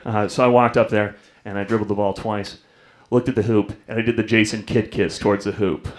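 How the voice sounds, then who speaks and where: A man's voice: on the low side, little pitch movement, fairly quick. A young man doing a stand-up comedy set on a club stage, telling self-deprecating stories and acting out the people in them. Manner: self-deprecating storytelling, acts out voices.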